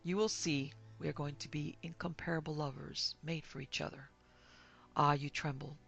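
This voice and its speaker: A woman voicing a bitter disfigured blind man bent on revenge, speaking in a quiet, coaxing, menacing way in a horror audiobook. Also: sits low, fairly even intonation, normal speed, gravelly, dull audio, faint music behind.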